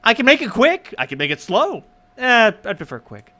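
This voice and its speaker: A man's voice: very high voice, big pitch swings, normal speed, bright, forceful tone, exaggerated voice. A man voicing a blunt, bloodthirsty female gun who rambles and talks gleefully about violence.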